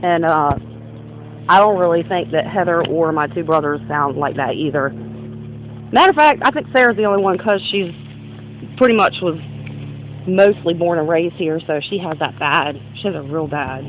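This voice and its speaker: A woman's voice: low voice, moderate pace, dull audio, slight background noise. Rambling young woman vlogging. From northern United States. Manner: rambling, jumps between topics, self-interrupting. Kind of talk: casual vlog monologue.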